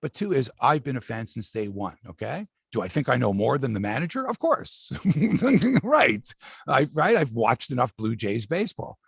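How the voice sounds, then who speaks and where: A middle-aged man hosts a sports talk show, swearing freely and acting out what players said. His voice is gravelly and husky, and his pitch swings a lot. The sound is close and dry. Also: brisk, hardly any pauses, dry recording. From Canada. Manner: animated, profane, acts out quotes from players. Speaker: sports podcast host. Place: outdoor studio by a lake.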